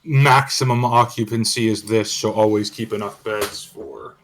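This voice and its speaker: A man from Minnesota playing a tabletop game, thinking aloud in halting bits. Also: fairly low pitch, fairly even intonation, a bit bright, slight background noise. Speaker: player. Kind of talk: casual game table chat.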